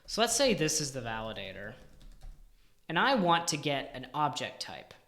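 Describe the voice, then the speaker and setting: A man's voice: mid-range voice, huge pitch swings, moderate pace, creaky, a bit bright. A man live-streaming as he codes, thinking aloud and muttering in exasperation, sometimes dropping almost to a whisper. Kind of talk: thinking aloud while coding. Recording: roomy echo.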